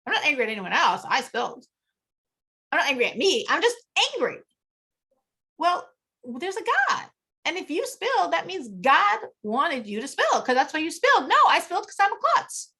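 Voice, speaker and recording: Teacher, woman, middle-aged; high, bright voice; animated, laughs often. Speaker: teacher of a women's class. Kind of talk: lecture with group discussion.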